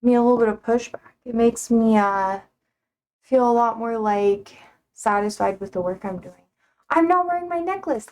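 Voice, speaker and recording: Young female streamer with a slightly high voice, teasing and chatty, talking to viewers from home. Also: a little slow, pauses often, a little mellow. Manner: playful and self-described sassy, frequent laughs. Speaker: livestream host. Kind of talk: casual chat with viewers. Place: home, indoors.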